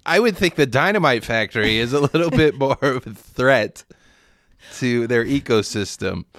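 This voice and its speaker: A man's voice: medium pitch, animated, normal speed, a bit bright, dry recording, studio quality. A man co-hosting a podcast, chatting casually and riffing with jokey asides. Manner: joking, riffs with silly asides. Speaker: podcast co-host. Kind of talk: casual chat.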